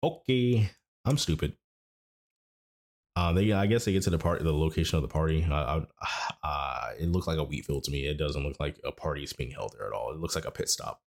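A man's voice: a bass voice, animated, a little fast, creaky. A man casually recapping an anime episode, rambling and correcting himself as he goes. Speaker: anime podcast host.

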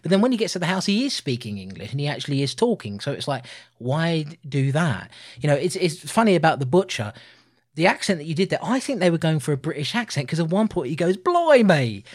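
A man in his thirties co-hosting a casual film review podcast, animated and laughing often. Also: fairly high pitch, quick pace. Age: 30s. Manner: animated, laughing, puts on voices for quotes. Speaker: podcast co-host.

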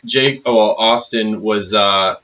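Low, hesitant young male guest. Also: slow pace, noisy background. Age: young adult. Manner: hesitant, filler-heavy. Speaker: podcast guest. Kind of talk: casual chat. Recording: dull lo-fi recording.

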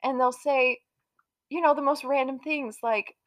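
A middle-aged woman co-hosting a podcast in casual chat, chatty and quick to laugh. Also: high-pitched, steady tone. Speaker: podcast co-host.

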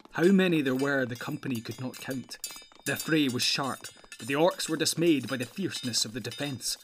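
A man narrating a fantasy audiobook in a steady, measured storytelling manner, with a husky voice. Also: medium pitch, a little hiss or hum.

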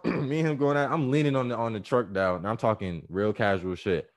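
A man casually telling a story full of profanity, animated and acting out the people in it. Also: mid-range voice, fast talker, few pauses. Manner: profane, animated, acts out voices and laughs.

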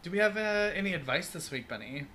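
A man's voice: high-pitched, expressive, fast talker, bright, forceful tone. A man co-hosting a podcast in casual chat, campy and theatrical, swearing freely. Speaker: podcast co-host.

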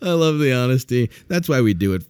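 A man hosting a podcast, telling crude stories with plenty of laughter. His pitch swings widely as he talks. The sound is dry and close. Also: a little fast, clear, resonant tone, dry recording. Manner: crude, laughs a lot, animated storytelling. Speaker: podcast host. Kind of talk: casual chat.

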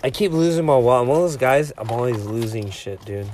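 A man's voice: medium pitch, lively intonation, fast, a little mellow, slight background noise. A man hosting a casual late-night podcast chat outdoors, loose and swearing, saying dude constantly, often laughing. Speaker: podcast host. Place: outdoors in front of a house.

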